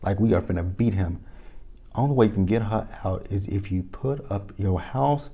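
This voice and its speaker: A man recapping a TV episode in a casual, profane, animated way, reacting aloud to each scene. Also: on the low side, normal speed, husky, dull audio. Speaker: TV episode reviewer.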